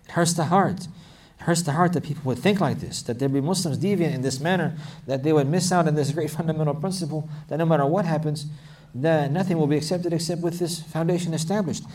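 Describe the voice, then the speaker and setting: An Islamic teacher gives a religious lesson with Arabic quotes, speaking quickly in a slightly high, somewhat mellow voice on a distant mic. He repeats phrases for emphasis and builds to intense, emphatic passages.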